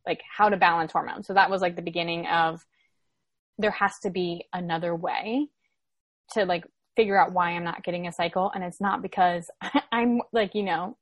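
A woman's voice: on the low side, no room sound. A young woman in her twenties, telling a personal story in casual chat with lots of "like" fillers. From Florida, USA. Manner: animated retelling with many "like" fillers. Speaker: podcast guest.

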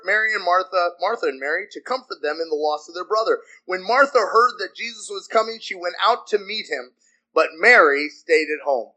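Male preacher, conversational sermon, very expressive and bright. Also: high-pitched, rough recording. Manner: animated, conversational, asks the congregation questions; swings from loud dramatic reading to soft asides.

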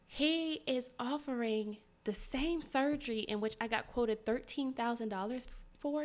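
A woman hosting a podcast, casually telling a personal story in an animated, dramatic way and speaking directly to her listeners. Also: fairly high pitch, measured pace, few pauses. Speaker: podcast host.

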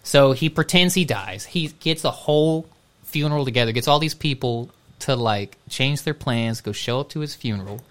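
A relaxed man co-hosting a casual podcast chat. He reads a news story out loud, stumbling over fillers and breaking into laughter and asides. His voice sits at a middling pitch. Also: moderate pace. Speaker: podcast co-host.

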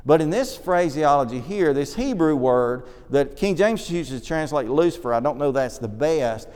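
A man preaching a sermon in a church, teaching quickly through Bible passages and reading scripture aloud. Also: a little high, lively intonation, a little mellow, clear, resonant tone. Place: church auditorium. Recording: long reverb of a church hall.

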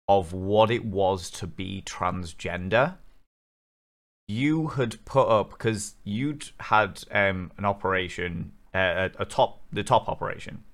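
A man with a fairly low voice hosts a casual podcast chat. He talks earnestly and passionately, circling back on himself with restarts as his thoughts pour out. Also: a bit bright. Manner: earnest, rambling, impassioned. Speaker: podcast host.

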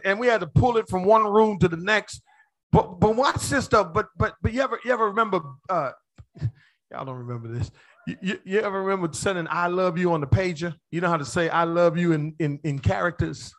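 A man preaching a sermon, calling out to the congregation, with playful asides and bursts of shouting. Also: sits high. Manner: preaching with rising shouts, call-and-response to the congregation. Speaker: pastor.

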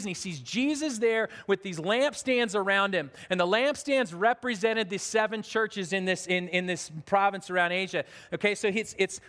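A man's voice: high-pitched, fairly bright tone. A man, a pastor, preaching a conversational sermon in a church, with earnest talk and frequent restarts. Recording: long hall reverb.

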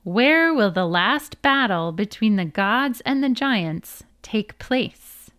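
A woman's voice: medium pitch, expressive, takes it slowly, fairly bright tone. A woman voicing a mocking male giant on a moose as she reads a storybook aloud, her tone teasing.

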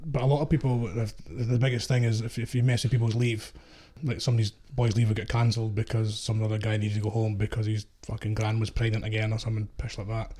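A man's voice: fairly low pitch, little pitch movement, quick pace, few pauses, dark tone. A middle-aged man from Scotland with an East Coast Scottish accent, a former security contractor telling blunt, sweary war stories in casual chat. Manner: blunt, sweary storytelling with laughs.

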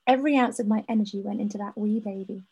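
A woman co-hosting a chatty podcast, reading out a listener's letter with an animated, giggly delivery. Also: medium pitch, quick pace, husky, lo-fi sound. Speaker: podcast co-host.

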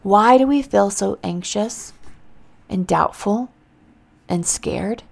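A woman's voice: mid-range voice, slow, creaky. A woman hosting a podcast, giving earnest, faith-filled encouragement in a motivational talk. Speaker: podcast host.

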